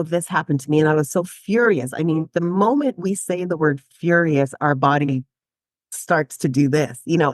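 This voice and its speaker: A woman psychotherapist, guest in a podcast interview, speaks in a low voice without echo. Animated and quick to laugh, she acts out the voices of those she quotes.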